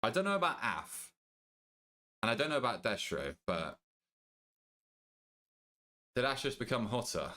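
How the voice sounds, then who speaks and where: A young British man streaming a game, chatting casually with his viewers, joking, swearing and thinking out loud. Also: medium pitch, very animated, unhurried, long pauses. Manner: banters with chat, swears casually, thinks aloud. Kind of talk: casual live-stream chat.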